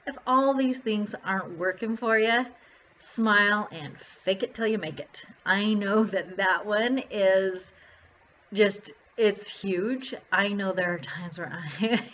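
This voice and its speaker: A woman's voice: mid-range voice, a bit bright, slight background noise. A woman chatting casually to the camera, sharing self-confidence tips in a rambling, upbeat way. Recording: slightly dull lo-fi recording.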